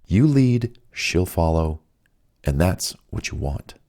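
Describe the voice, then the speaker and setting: A man giving relaxed, unhurried advice, drawing out his words with long pauses, reading his own audiobook. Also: deep voice. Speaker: audiobook author and narrator. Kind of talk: relaxed advice talk, slow and soothing.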